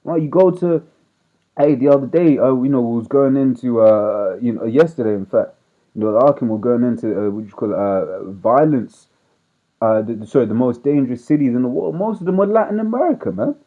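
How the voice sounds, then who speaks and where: A man's voice: mid-range voice, brisk. Guy preaching off the bible, slangy, keeps saying right?, tinny phone sound. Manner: reads verses aloud, then explains in slang; checks in with "right?" after nearly every point. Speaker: street preacher. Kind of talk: informal scripture teaching.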